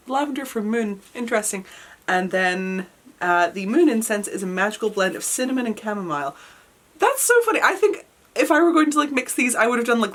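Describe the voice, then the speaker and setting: A British woman chats through an unboxing, her voice bouncing from low murmurs up to high squeals. She gushes over every little item with oohs and delighted exclamations. A recent cold has left her voice a little worn. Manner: excitable and gushing, frequent oohs and squeals. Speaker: vlogger. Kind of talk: unboxing vlog chat.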